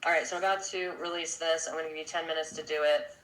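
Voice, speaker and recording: Teacher running an online class, informal, prodding, bright voice. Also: mid-range voice, level tone, very fast, rough recording.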